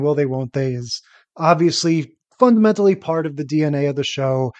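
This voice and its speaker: A man's voice: a little high, a little mellow, no echo. Wry man podcaster, dry close sound. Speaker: podcast co-host. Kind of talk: casual chat about sitcoms.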